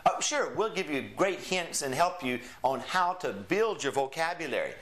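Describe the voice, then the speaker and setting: A man talks through what his Spanish course covers, dropping in example phrases. His voice sits somewhat high for a man and swings widely in pitch. He keeps a chatty, explanatory teaching tone. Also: lively intonation, moderate pace, fairly bright tone. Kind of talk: promotional course lesson.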